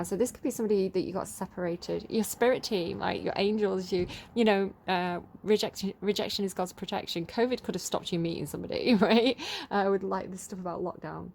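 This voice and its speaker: A woman's voice: medium pitch, fairly quick, vocal fry, a little mellow, a little hiss or hum. A woman with an English accent giving a casual, chatty tarot reading, reading out card text and then riffing on it with frequent small laughs. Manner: chatty, giggly, reads card text then riffs freely. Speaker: tarot reader.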